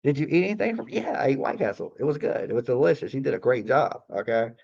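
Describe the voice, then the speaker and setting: A man's voice: mid-range voice, big pitch swings, fast, creaky, a little mellow, breathy edge, lo-fi sound. A man telling a story on a late-night livestream in a casual, profane, rambling way, leaning on "like" and repeating himself. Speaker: livestream host. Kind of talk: casual live-stream storytelling.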